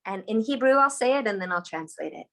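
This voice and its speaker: A woman's voice: medium pitch, expressive, fast, gravelly. A woman teaching on a live video call, telling a story in an enthusiastic, chatty way. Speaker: Torah teacher.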